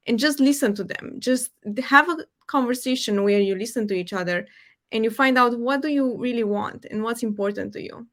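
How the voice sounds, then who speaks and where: A woman co-hosting a podcast, speaking clearly and steering the talk with questions. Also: a little high, a bit bright. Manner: clear, measured, asks guiding questions. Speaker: podcast co-host. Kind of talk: casual podcast chat.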